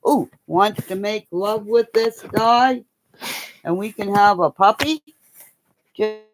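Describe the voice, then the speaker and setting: A woman's voice: mid-range voice, slight background noise. A woman rambling in a casual live chat from her home, drifting between stories and cooing baby talk to her dog. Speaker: vlogger. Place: at home, indoors.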